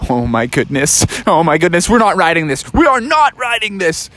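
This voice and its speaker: A man's voice: high voice, big pitch swings, normal speed, a bit bright. A man voicing a pair of laid-back male surfer animal buddies, a frog and a bear, in easygoing surfer talk. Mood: alarmed.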